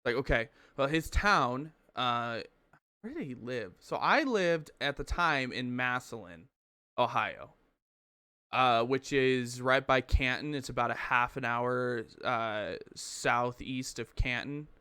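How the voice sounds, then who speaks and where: A man's voice: medium pitch, expressive, takes it slowly, sharp tone, smooth, no echo. A man co-hosting a podcast, telling a long rambling story in casual chat, swearing and restarting as he goes. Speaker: podcast co-host.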